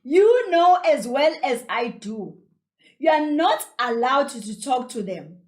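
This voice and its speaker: A woman with a South African accent voicing a stern, furious aunt who scolds children in a cold, sharp way. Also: medium pitch, lively intonation, moderate pace, voice pushed down, natural voice. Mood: scolding. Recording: roomy echo.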